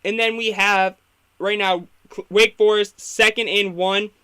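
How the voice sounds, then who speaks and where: A young man talks through a college football game as it plays, rambling and opinionated. His bright, slightly high voice climbs and gets louder as he calls out a bad coaching choice. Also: fairly even intonation, a little slow, smooth. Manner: opinionated, rambling, fired up when critiquing. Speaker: sports talk host. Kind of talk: casual live football reaction.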